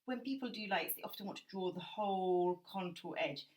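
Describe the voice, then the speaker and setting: A woman with a British accent teaching a drawing lesson, explaining gently and thinking aloud as she draws. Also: medium pitch, a little fast, rough recording. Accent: British English. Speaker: art teacher. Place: indoors at a drawing table.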